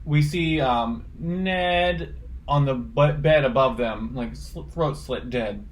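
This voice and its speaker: A man co-hosting a podcast, recapping a movie with quick joking asides. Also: medium pitch. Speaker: podcast co-host. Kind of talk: casual movie recap chat.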